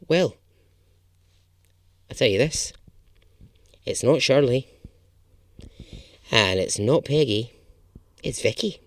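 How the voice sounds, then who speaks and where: A man's voice: mid-range voice, expressive, takes it slowly, pauses often, no echo. A man hosting a podcast, telling a true story in a chatty, casual way and swearing now and then for emphasis.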